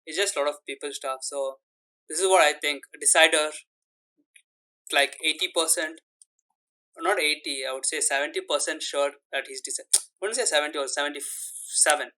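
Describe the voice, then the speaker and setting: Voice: mid-range voice, moderate pace, pauses often, sharp tone, low-quality recording. A channel host giving casual, emphatic commentary on an interview clip, correcting numbers as they go. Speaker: channel host analyzing clips.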